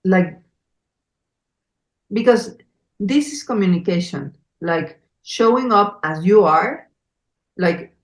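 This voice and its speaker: Podcast host, woman with a Mexico City accent, earnest, unhurried, roomy sound. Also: medium pitch, expressive. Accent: Mexico City Spanish. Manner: earnest, effusive, many fillers. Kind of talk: conversational interview.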